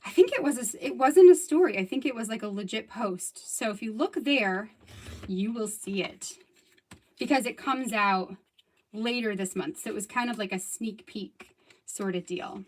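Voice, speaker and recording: A woman's voice: a little high, normal speed, a little mellow. A woman in her thirties chatting casually while crafting on a livestream, rambling and laughing often. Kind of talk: casual live crafting chat.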